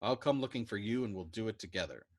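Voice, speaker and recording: A man's voice: on the low side, lively intonation, quick pace, dry recording, studio quality. A man voicing a wounded young male airman who protests bluntly. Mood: defiant.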